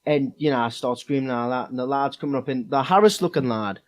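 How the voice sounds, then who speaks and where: A man's voice: mid-range voice, fast, dry recording. A young man with a Geordie accent telling a rambling, sweary story in casual podcast chat. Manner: rambling, heavy swearing, many fillers. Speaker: podcast co-host.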